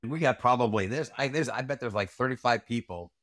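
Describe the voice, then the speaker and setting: Speaking fast in a mid-range, slightly bright voice, a retired Army Ranger staff sergeant in middle age tells a long, wandering story for a casual interview. He swears a lot and keeps restarting and filling gaps, and the recording is dry with clean studio sound.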